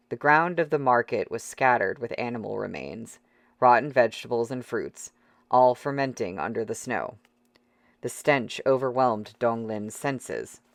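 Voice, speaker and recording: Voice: medium pitch, creaky, no echo. Dry, close audiobook narrator. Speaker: audiobook reader.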